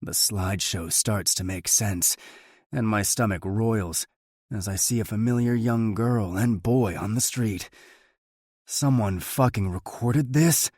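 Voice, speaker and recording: A man narrating a thriller audiobook in the first person, steady and measured. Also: fairly low pitch, no room sound, studio quality.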